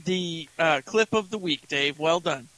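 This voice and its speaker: A man's voice: a little high, unhurried, pushed and bright, no echo, low-quality recording. A man co-hosting a podcast, reacting with amusement in casual chat.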